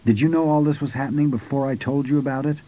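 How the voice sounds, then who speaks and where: A man's voice: mid-range voice, steady tone, fast talker, dark tone, pitched above the performer's own voice, lightly acted, rough recording. A man voicing a puzzled young male apprentice who keeps asking questions in disbelief. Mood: questioning.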